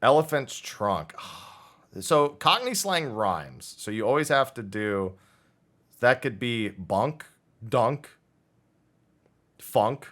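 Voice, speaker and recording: A joking, chatty man with a New Jersey accent, his pitch rising and falling a lot as he talks. He laughs easily and keeps the conversation loose, like a host among friends. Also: slow, pauses often. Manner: animated, joking, laughs often. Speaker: podcast host. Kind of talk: casual chat.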